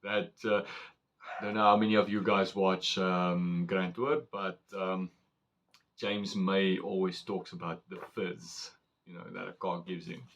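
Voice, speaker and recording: Male knife reviewer, low and slow delivery, casual and rambling. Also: lo-fi sound, a little hiss or hum. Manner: chatty and excitable, rambling with fillers. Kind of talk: casual unboxing chat.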